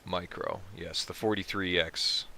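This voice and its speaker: A man's voice: deep voice, steady tone, measured pace, sharp tone, a little hiss or hum. A man hosting a casual livestream, reading chat comments aloud and answering them with profane jokes. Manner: profane, joking, reacting to chat. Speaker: livestream host.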